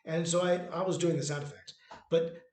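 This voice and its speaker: A man's voice: a little high, steady tone, brisk, a little mellow. A man talking about his own stage play in a casual, rambling way, restarting sentences often. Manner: rambling, many restarts and fillers. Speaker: playwright and author presenting his own work. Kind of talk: casual spoken commentary. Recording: echoey room.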